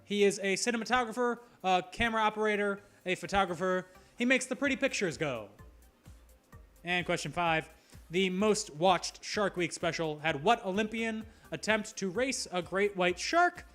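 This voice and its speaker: A man with a notably high voice hosts a live trivia quiz. He reads each question and slips in playful asides. Faint music plays in the background. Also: expressive, normal speed, a bit bright.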